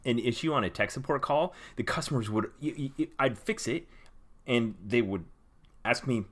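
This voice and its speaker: A man co-hosting a laid-back podcast, his voice at an ordinary pitch. He talks in a dry, easygoing way, adding short sympathetic comments and wry remarks. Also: lively intonation, moderate pace, a bit bright. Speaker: podcast co-host. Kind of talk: casual chat.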